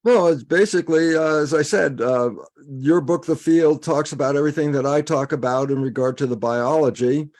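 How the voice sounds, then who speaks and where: A man speaking as a guest in a discussion, animated and conversational, chuckling between points. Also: on the high side, normal speed.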